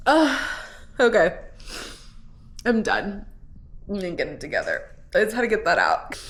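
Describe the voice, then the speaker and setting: A woman's voice: medium pitch, huge pitch swings, moderate pace, a bit bright. A young woman talking candidly in a rambling vlog diary, exhausted and close to tears, with lots of "like" and laughter. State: exhausted, tearful. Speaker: vlogger.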